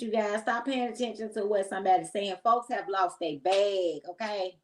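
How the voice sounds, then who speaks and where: A woman's voice: mid-range voice, poor audio. A woman hosting a casual commentary vlog, talking straight to her viewers in a chatty, opinionated, slangy way. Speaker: host.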